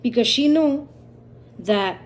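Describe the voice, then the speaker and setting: A woman's voice: sits high, animated, slow, a little hiss or hum. A woman hosting her own channel, casually retelling a dream in a rambling, repetitive way full of quoted dialogue. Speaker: channel host. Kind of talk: casual storytelling about a dream.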